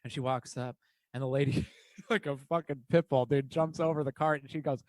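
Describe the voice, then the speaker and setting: A man's voice: mid-range voice, fairly even intonation, a little fast, darkish tone, no room sound. A man co-hosting a casual podcast, rambling and swearing, acting out the people in his stories. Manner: rambling, profane, acts out quoted people in storytelling. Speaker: podcast co-host. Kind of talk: casual chat.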